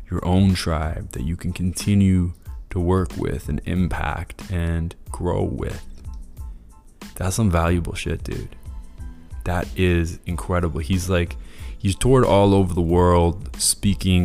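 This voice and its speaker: A man's voice: low voice, warm tone. A man hosting a motivational podcast monologue, enthusiastic and freely profane. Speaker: podcast host.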